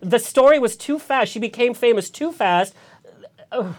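A man's voice: very high-pitched, lively intonation, normal speed. A man hosting a radio talk show, campy and sassy, firing off quips and laughing often. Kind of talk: campy comedic radio chat.

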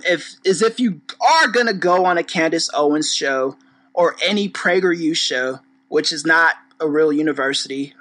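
A podcast host delivering a rambling commentary rant in a bright, sharp voice at an ordinary pitch. The talk is blunt and profane, with sarcastic asides and sudden emphatic bursts. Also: rough recording. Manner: rambling with restarts.

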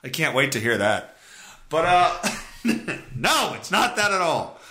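A podcast host telling an exasperated story in a casual comedic rant, acting out both sides of a phone call and swinging between loud outbursts and muttered asides. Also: male voice, fairly high pitch, very animated, a little slow.

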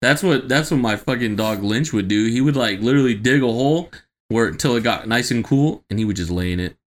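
A man's voice: medium pitch, a little fast. A man co-hosting a podcast in casual chat, swearing and laughing as he tells stories. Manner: laughing, profane, animated storyteller. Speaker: podcast co-host.

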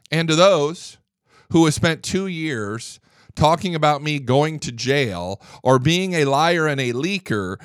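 A man's voice: a little high, a bit bright, clear, resonant tone, no echo, studio quality. A man hosting a political commentary show, ranting indignantly, swearing freely and stumbling over repeated words when worked up. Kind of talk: opinionated political monologue.

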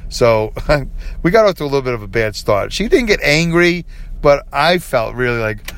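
A man's voice: medium pitch, moderate pace. A man in his forties hosting a podcast, rambling alone with self-deprecating humor and frequent chuckles. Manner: self-deprecating, chuckles often, animated when quoting himself. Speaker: podcast host. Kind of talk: rambling solo podcast monologue.

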